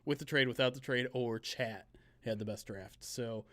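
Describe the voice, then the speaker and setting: A man hosting a live video stream, talking casually with lots of fillers and quick bursts, speaking through a video call mic. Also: medium pitch, fairly bright tone. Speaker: host.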